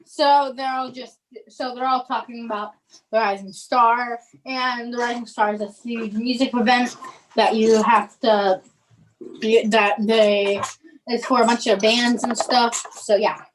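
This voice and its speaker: High-pitched young woman rambling through a plot. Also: steady tone, a little slow, far from the mic, a little hiss or hum, low-quality recording. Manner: rambling, filler-heavy retelling. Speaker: co-host reviewing a movie. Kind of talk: casual chat.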